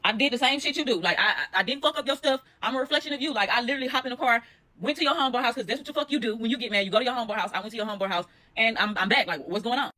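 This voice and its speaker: A woman with a fairly high, sharp, bright voice rattles off a personal story at a very quick clip. She talks bluntly and profanely, animated and direct with her viewers. It is a casual storytime monologue.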